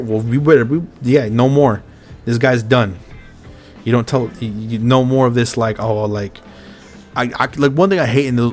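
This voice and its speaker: A man hosting a podcast in casual chat, ranting bluntly and swearing often. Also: medium pitch. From Mexico's Baja California border region. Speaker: podcast host.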